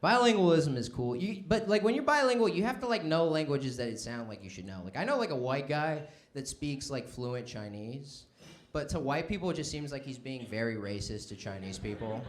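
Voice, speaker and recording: A man's voice: medium pitch, big pitch swings, brisk. Rambling young man doing stand-up. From Southern United States. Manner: rambling, self-deprecating, lots of fillers and asides to the crowd. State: tipsy. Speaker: stand-up comedian. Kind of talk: stand-up set. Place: comedy club stage.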